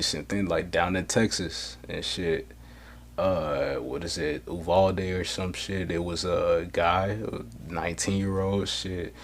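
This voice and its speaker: A man hosting a solo podcast, talking bluntly with heavy swearing, getting loud when worked up. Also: low voice. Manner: blunt, profane street talk. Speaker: podcast host.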